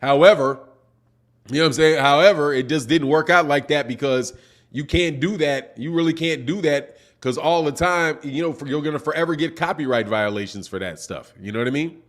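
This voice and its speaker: High-pitched, animated boxing livestream host. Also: male voice, brisk. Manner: animated, teasing, slangy. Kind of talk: livestream commentary with chat shout-outs.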